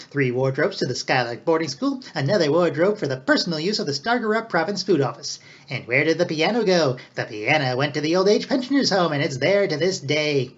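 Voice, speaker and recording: Casting: a man playing a fawning old clerk, fairly high voice, dull lo-fi sound. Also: husky. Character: greedy, fawning old male record-keeper. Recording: dull lo-fi recording.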